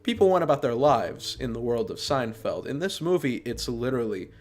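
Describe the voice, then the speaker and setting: A man's voice: mid-range voice, sing-song, brisk. A man hosting a podcast, giving a casual, sarcastic and exasperated review of a movie.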